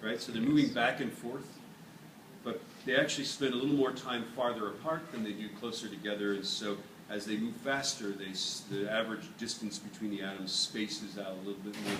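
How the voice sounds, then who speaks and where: A man teaching physics to a class, running a hands-on demonstration in a lively, joking way. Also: on the low side, a little fast. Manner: playful, jokey, energetic demonstrator. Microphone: camera at a distance. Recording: echoey classroom from far off, noisy.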